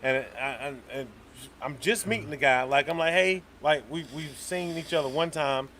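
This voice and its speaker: Bright-toned man rambling through an anecdote. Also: on the high side, moderate pace, a little hiss or hum. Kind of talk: casual chat.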